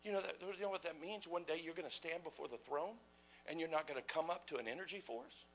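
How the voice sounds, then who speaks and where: A man preaching a passionate sermon, asking rhetorical questions and swinging between loud exclamations and hushed whispers. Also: fairly high pitch, fast, a little hiss or hum, rough recording. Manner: asks the audience rhetorical questions.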